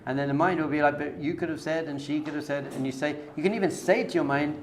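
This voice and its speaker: A man's voice: fairly high pitch, quick pace, slight background noise. A man, a rabbi, giving an informal spoken lecture to a live group, coaching them directly with everyday analogies in a conversational tone. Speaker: rabbi teaching a class.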